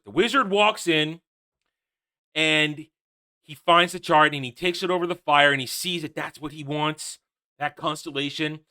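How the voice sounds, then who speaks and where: A man's voice: fairly high pitch, pushed and bright. A man giving a casual, sarcastic episode review, mocking and ranting with frequent laughs. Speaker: TV show reviewer.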